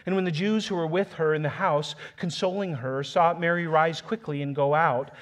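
A man preaching a sermon, reading scripture aloud and building from quiet earnestness to passionate emphasis. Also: fairly high pitch, steady tone, moderate pace. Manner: reads scripture aloud, chuckles softly. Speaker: pastor.

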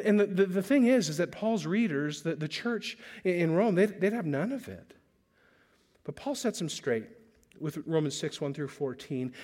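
Man, high voice, pastor preaching, earnest, stumbles and restarts, stretches key words. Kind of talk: sermon.

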